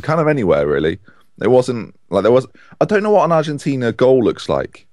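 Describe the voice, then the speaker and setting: A man co-hosting a casual football podcast, animated and opinionated. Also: medium pitch, brisk, no echo, clean studio sound. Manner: animated, opinionated, chatty with restarts. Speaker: podcast co-host.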